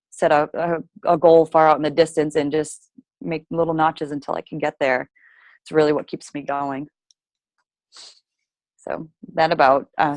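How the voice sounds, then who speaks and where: A woman's voice: deep voice, no echo. A young woman casually telling her fitness story, chatty, full of "like", acting out her own past words. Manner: chatty, lots of "like", acts out own quotes. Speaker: guest sharing fitness story. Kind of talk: casual personal testimony.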